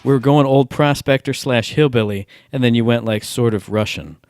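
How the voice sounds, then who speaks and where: A man's voice: mid-range voice, normal speed, a little mellow. Wry, mock-weary co-host man. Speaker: podcast co-host. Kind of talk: casual podcast banter. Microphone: Skype call.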